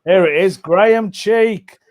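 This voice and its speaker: A man's voice: high voice, slow pace. A man reading out listener jokes on a comedy show, giggly and chatty.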